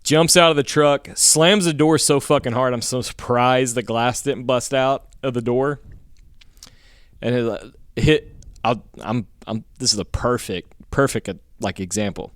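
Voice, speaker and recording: A man's voice: medium pitch, a little slow, clean tone, no room sound, clean studio sound. Profane, rambling man telling a story. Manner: profane, rambling, animated when quoting his dad. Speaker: podcast co-host telling a story. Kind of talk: casual storytelling chat.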